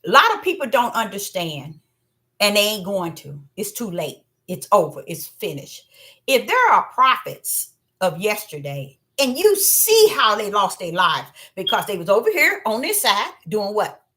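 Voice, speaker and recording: A woman preaching an animated sermon, who acts out voices and swings between low murmurs and loud cries. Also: a little slow. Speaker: self-styled prophetess. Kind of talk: preaching monologue.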